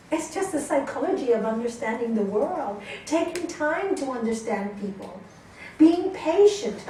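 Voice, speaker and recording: A woman yoga teacher speaks to her class with a lively, teasing, storytelling manner. Her voice sits a little high and arrives from well back in a strongly echoing hall, with a faint hiss underneath. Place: yoga class room, indoors. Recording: echoey hall, voice from far off.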